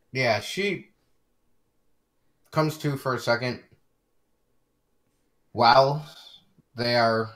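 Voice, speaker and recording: A man's voice: lowish voice, fairly bright tone. A man narrating his part in a tabletop game, hesitant, with fillers and repeated words.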